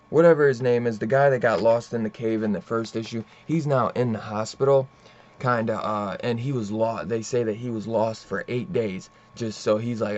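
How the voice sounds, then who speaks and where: A man's voice: on the low side, a little mellow, dull audio. A young man casually retelling a comic plot, rambling and swearing, full of fillers and asides. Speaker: comic book reviewer. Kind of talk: casual comic book review.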